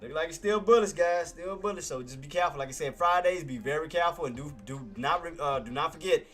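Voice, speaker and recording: Speaking fast in a slightly high, somewhat bright voice, this man runs a live day-trading stream with soft music underneath. He offers laid-back, slang-heavy market commentary and calls viewers "boss" and "man."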